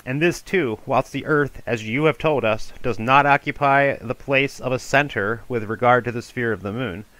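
A man giving a measured, formal audiobook reading of an ancient philosophical dialogue. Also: medium pitch, a bit bright, no echo, rough recording. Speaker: reader of a classical dialogue.

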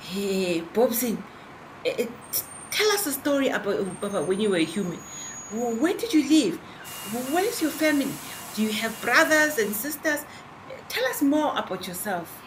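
A woman's voice: fairly high pitch, big pitch swings, normal speed, slight background noise, rough recording. A woman voicing a worried, caring dog friend who stumbles over her words. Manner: hesitant, stumbling.

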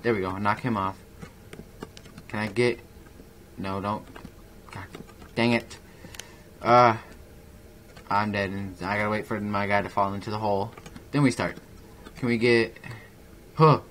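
A young man with a fairly low voice talks through a video game in casual, rambling commentary. He mocks himself and breaks into excitable bursts. A faint hiss sits under the recording. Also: unhurried, long pauses. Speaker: gaming YouTuber.

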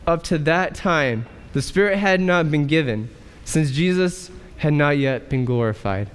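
Preaching pastor with a smooth voice in a reverberant church. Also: male voice, on the high side, animated. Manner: preaching with rhetorical questions and dramatic pauses. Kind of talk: sermon. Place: church sanctuary.

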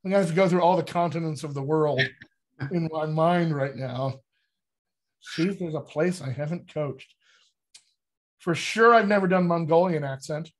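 An American man coaching actors on accents, speaking in a fairly high voice. He explains his points over a video call and keeps checking that the listeners follow him. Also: moderate pace, long pauses. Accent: General American. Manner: animated teaching, frequent "all right?" check-ins. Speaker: dialect coach. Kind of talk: casual video call chat.

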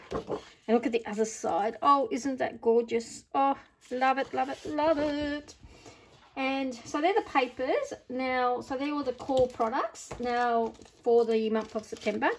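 A woman's voice: a little high, a little hiss or hum. A middle-aged woman with an Australian accent, chatting casually as she unboxes craft supplies, gushing with delighted exclamations. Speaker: craft vlogger.

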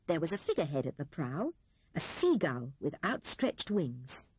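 A woman narrating a children's storybook with expressive, animated storytelling. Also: low voice, moderate pace, a little hiss or hum. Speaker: audiobook narrator.

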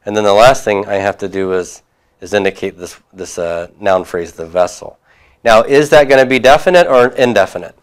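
A man's voice: fairly low pitch, normal speed. A man teaching a class, reviewing homework and prompting students with questions, with occasional chuckles.

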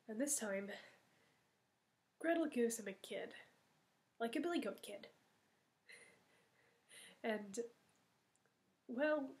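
A woman casually retelling a fairy tale, rambling and hesitant, with fillers and sighs. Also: mid-range voice. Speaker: storyteller.

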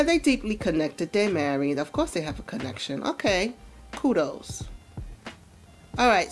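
A woman hosts a let's play, chatting animatedly about her game and laughing often. Her voice swings widely in pitch. Faint music plays in the background. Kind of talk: casual gameplay commentary.

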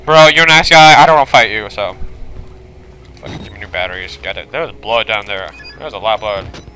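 A man playing a horror video game, commentating with panicky swearing, switching between yelling and muttering. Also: fairly low pitch, fairly quick, slight background noise. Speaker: gaming video host.

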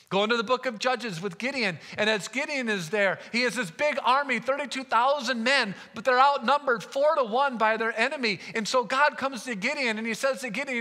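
A man pastor preaching a sermon in a church, telling stories with lively voiced asides. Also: very high voice, fairly quick. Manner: animated storytelling with voiced asides. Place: church sanctuary. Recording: long hall reverb.

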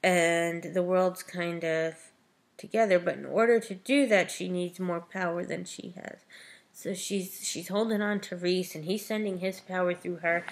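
A woman's voice: lowish voice, steady tone, measured pace. A woman retelling a novel's plot in a chatty book review vlog, often saying "like" and "you know".

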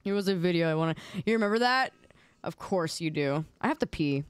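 A young adult woman streamer chatting casually on a live stream, playful and excitable, quick to laugh. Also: fairly low pitch, clean tone, no room sound. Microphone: desk microphone.

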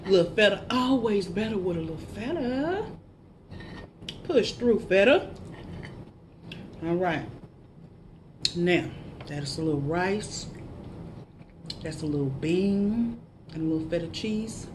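A woman's voice: mid-range voice, measured pace, pauses often, background noise. A woman in a casual eating vlog, chatting to viewers between bites and humming as she chews. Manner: laughs at herself, animated shout-outs to viewers. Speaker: mukbang vlogger.

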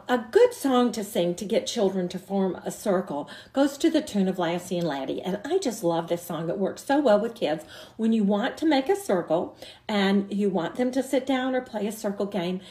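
A woman's voice: medium pitch, expressive, normal speed, darkish tone. An older woman, an early childhood educator, giving an encouraging teacher training talk and breaking into short demonstration songs.

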